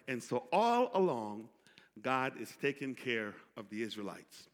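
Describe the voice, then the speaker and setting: A man pastor preaching a sermon, calling out to the congregation for responses and building from quiet teaching to loud preaching. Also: mid-range voice, expressive, measured pace. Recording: echoey hall.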